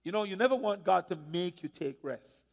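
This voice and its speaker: High-voiced male pastor preaching. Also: animated, normal speed, vocal fry, in a large hall. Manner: preaching with call-and-response questions to the congregation. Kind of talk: sermon. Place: church sanctuary.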